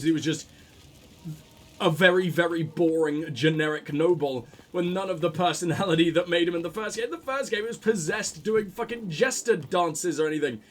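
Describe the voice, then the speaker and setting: A man talks over a video game in a high, light voice, rambling and swearing as he plays. He mocks himself constantly, then drops into low mock-sultry muttering or jumps into sudden excited yelps. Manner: crude, self-mocking, rambling; swings between excited outbursts and low mock-sultry mumbling. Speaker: gaming channel host. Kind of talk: casual let's-play commentary.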